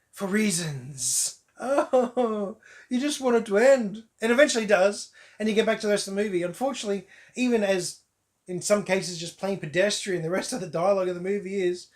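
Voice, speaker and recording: A man reviewing a movie in a casual, wry way, piling on exaggerated put-downs and laughing at them. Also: sits high.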